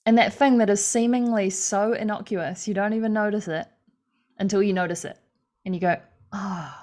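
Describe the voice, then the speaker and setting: A woman life coach leading a live online session, earnest and conversational, acting out inner thoughts with fillers and soft laughs. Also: mid-range voice.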